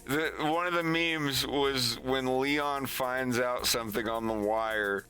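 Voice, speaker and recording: A man streaming his animation work, chatting casually and rambling with halting restarts. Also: mid-range voice, steady tone, sharp tone, faint music behind.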